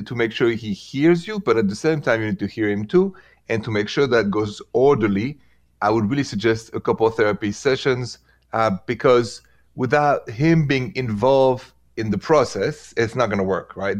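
A man's voice: mid-range voice, normal speed. A man with a French accent, hosting a call-in relationship advice show and mixing in French greetings. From France. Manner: friendly, mixes in French greetings. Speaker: radio advice show host.

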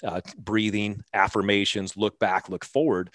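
A man's voice: on the low side, no echo, clean studio sound. A man working as a mental performance coach, telling stories in an interview and acting out both sides of each conversation. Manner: lively anecdotes, quickly acting out both sides of dialogue. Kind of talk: storytelling interview answers.

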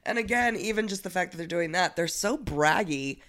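A woman's voice: on the low side, animated, brisk, a bit bright. A woman co-hosting a podcast in casual political chat, sarcastic and exasperated. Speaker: podcast co-host.

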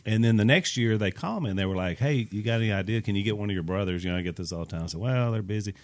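A man with a lower-pitched voice tells a story across a podcast table. He is a preacher in casual chat and acts out other people's lines as he goes. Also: rapid-fire. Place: studio table.

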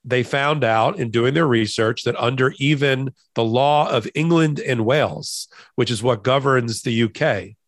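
A man's voice: mid-range voice, unhurried, few pauses, no room sound. Dry-voiced man explaining law. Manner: explanatory, conversational, with restarts. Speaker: podcast co-host, trial lawyer. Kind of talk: casual legal commentary.

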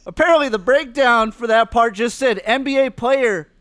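A podcast host putting on a relaxed comedian with a mock southern drawl, roasting people with jokes and frequent laughs. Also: male voice, very high voice, normal speed, dry recording, clean studio sound.

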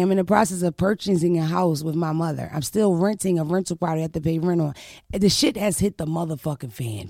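Brash, profane woman with a gravelly edge. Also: mid-range voice, no echo, clean studio sound. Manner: brash, profane, animated storytelling. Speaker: podcast host. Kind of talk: casual storytelling chat.

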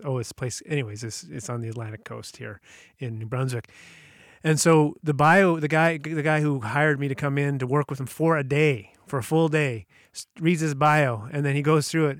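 A man's voice: medium pitch, no echo, studio quality. A man co-hosting a podcast, chatting casually and telling stories with lots of restarts. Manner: rambling, halting storyteller. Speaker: podcast co-host.

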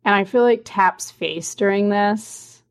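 Chatty woman co-host, mid-pitched. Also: a little slow. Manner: chatty, many "like"s, laughs easily. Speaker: podcast co-host. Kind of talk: casual chat reviewing a reality show.

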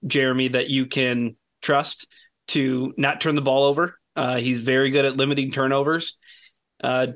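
A man's voice: medium pitch, a bit bright. A man co-hosting a podcast as an analyst, talking earnestly and thinking aloud with many restarts. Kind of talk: casual podcast chat.

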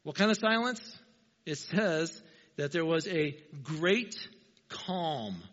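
A man preaching a sermon, telling the story with animated, emphatic asides. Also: fairly high pitch, takes it slowly. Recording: reverberant hall, dull lo-fi sound.

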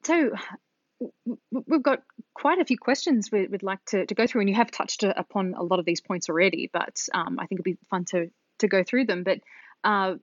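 A woman's voice: mid-range voice, no room sound. A woman interviewing a guest, asking her questions in a friendly, hesitant way. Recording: dry, dull lo-fi audio.

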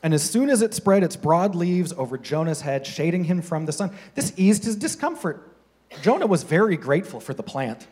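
Animated preacher man, slightly high voice. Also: moderate pace. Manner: animated, mocking voices for the characters. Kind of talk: sermon.

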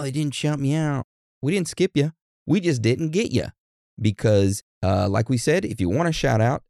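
A man co-hosting a casual podcast, joking around and reading out listener shout-outs in an animated way. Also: mid-range voice, creaky, no room sound, studio quality. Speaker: podcast co-host.

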